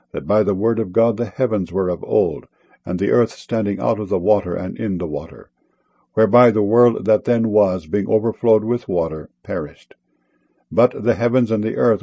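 Gravelly dark-voiced man reading scripture. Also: lowish voice, no room sound. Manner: measured, solemn phrasing in short pauses. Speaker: scripture reader. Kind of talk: formal reading of old-style Bible text.

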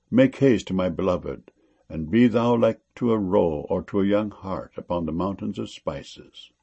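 A man giving a solemn, measured scripture reading in archaic wording. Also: fairly low pitch, gravelly, a little mellow, slightly rough.

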